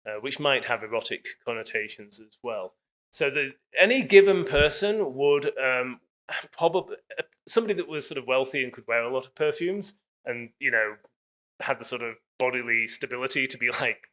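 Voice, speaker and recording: Casting note: male lecturer, bright tone, loose and digressive delivery with many hedges. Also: mid-range voice. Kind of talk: public lecture.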